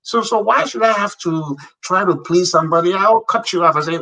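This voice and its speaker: A man's voice: sits high, a little fast, gravelly, few pauses, bright, forceful tone, distant mic, low-quality recording. A middle-aged man from Nigeria with a Nigerian accent, a guest in an interview, telling his story in a blunt, emphatic way. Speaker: guest, businessman. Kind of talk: interview conversation.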